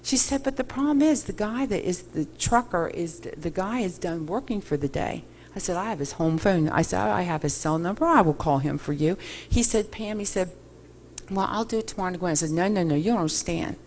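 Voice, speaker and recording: A middle-aged woman shares a faith testimony with a congregation, her voice sitting a little low. She tells it as an animated story and plays out every exchange. A faint background hiss runs under the recording. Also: brisk. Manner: animated storyteller, acts out quoted dialogue. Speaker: ministry worker giving testimony.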